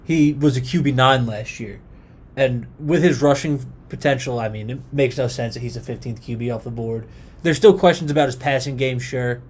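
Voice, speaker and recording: A young man talking through his picks in loose, easygoing sports chat. He jokes around with his co-host and keeps the banter animated, at a middling pitch for a man. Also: normal speed, breathy edge. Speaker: podcast co-host.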